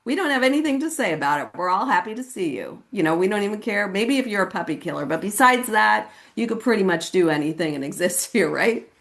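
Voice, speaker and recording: Speaking quickly with almost no pauses, a woman with a fairly bright, expressive voice recounts her personal recovery at a meeting. She's from California and sounds relaxed and chatty, using "like" and "you know what I mean" a lot and voicing quotes with an abrupt high pitch.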